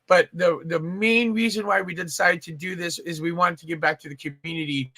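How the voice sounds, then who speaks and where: A man's voice: on the high side, fairly even intonation, brisk, bright, forceful tone. A man hosting a live stream chat, chatty and teasing, with many fillers. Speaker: host.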